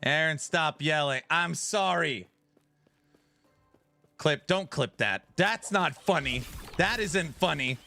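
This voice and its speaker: A man's voice: on the high side, animated, takes it slowly, creaky, bright, forceful tone, faint music behind. A man streaming a game build, chatting casually with his viewers in a self-mocking, talk-back way. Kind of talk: casual live-stream chat while gaming.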